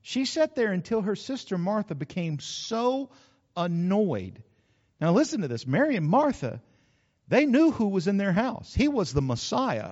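Man, animated folksy sermon, high-pitched, muffled, long reverb. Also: unhurried. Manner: folksy, animated, asks the congregation questions. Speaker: preacher. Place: church hall. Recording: dull sound, long hall reverb.

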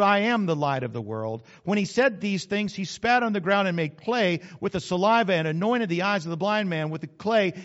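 Male pastor, high-pitched, emphatic conversational preaching, somewhat muffled recording. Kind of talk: sermon.

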